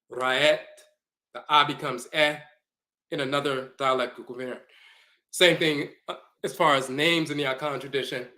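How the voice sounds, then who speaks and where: A man giving a slow, deliberate lecture, repeating and spelling out terms as he explains glyphs and dialects. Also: medium pitch, pushed and bright.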